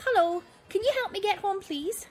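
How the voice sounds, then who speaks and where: A woman's voice: very high-pitched, normal speed, darkish tone, faint music behind, pitched above the performer's own voice. A woman voicing a lost, childlike young girl who rambles politely and eagerly asks for help. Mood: pleading.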